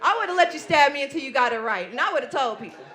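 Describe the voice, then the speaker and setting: A woman's voice: high-pitched, big pitch swings, quick pace, fairly bright tone. A woman performing a crude stand-up comedy set, brash and laughing through her lines. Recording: live club with audience laughter.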